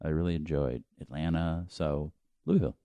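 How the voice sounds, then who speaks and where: A man's voice: very deep voice, normal speed, dry recording, phone-quality sound. A man co-hosting a podcast, joking and swearing freely, rambling through casual explanations. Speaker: podcast co-host. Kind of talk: casual chat.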